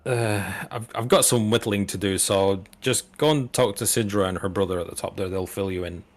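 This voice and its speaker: A man's voice: fairly low pitch, fairly quick, lightly acted. A man voicing a nervous male druid villager in a tabletop game, answering a little hesitantly. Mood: busy. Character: nervous male druid, busy whittling weapons.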